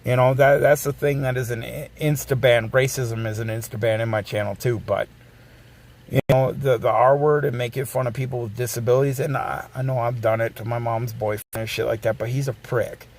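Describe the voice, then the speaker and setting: Blunt gravelly man ranting. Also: medium pitch, steady tone, fairly quick, darkish tone. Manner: blunt, swearing, rambling with restarts. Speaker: streamer. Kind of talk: casual rant.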